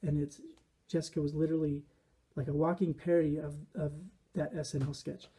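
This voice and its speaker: Mellow, husky-voiced man musing. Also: fairly high pitch, level tone, fairly quick. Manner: rambling, reflective, with quoted asides. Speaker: behaviorist commentator. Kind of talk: casual commentary.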